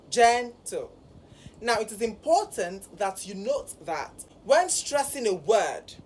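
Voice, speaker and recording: Woman elocution coach, talks real slow and careful, repeats each word. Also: mid-range voice, poor audio. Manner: slow, deliberate, repeats words with emphasis. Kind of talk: pronunciation lesson.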